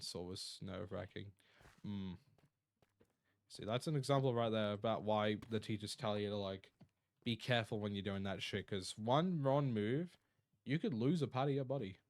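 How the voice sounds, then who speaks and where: A man's voice: on the low side, no room sound. A tired Australian man chatting casually on a live stream, rambling and reading out chat messages. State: tired, yawning.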